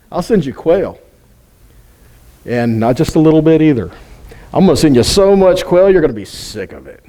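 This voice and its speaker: Guy doing a fed-up god, sarcastic, mellow tone. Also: a little high, very animated, normal speed, long pauses. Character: exasperated male deity, fed up.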